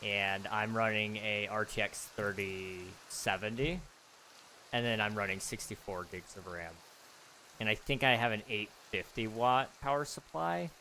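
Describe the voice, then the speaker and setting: A man's voice: on the low side, steady tone, measured pace, bright, forceful tone, a little hiss or hum, rough recording. A man streamer chatting casually to viewers, rambling and self-deprecating, laughing now and then. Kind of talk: casual live stream chat.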